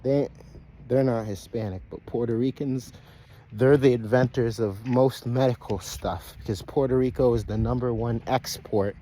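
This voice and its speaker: A man's voice: medium pitch, steady tone, moderate pace, mellow, slight background noise. A man giving a loose, rambling preaching monologue to his online followers, repeating phrases, breaking off mid-sentence and calling them brothers and sisters. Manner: calls out to listeners as brothers and sisters. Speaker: online speaker addressing followers.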